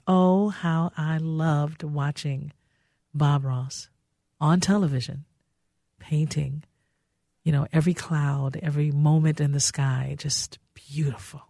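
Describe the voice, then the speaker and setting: A woman's voice: deep voice, gravelly, warm tone, no room sound, clean studio sound. A woman hosting a radio talk show, chatty and effusive, often laughing. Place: radio studio.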